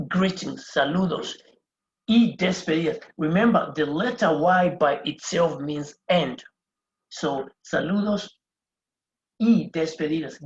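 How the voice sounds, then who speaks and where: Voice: mid-range voice, slight background noise. A Spanish teacher giving a beginner lesson at a board. They explain step by step, repeat phrases and spell words out letter by letter. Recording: roomy, dull lo-fi sound.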